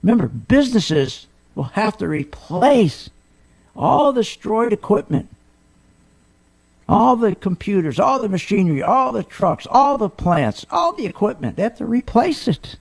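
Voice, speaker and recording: A middle-aged man hosts a talk radio show in a gravelly, fairly high voice. He rants with indignant disbelief and fires off rhetorical questions. His pitch swings widely as he hammers his points. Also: big pitch swings, measured pace. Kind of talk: animated talk radio monologue.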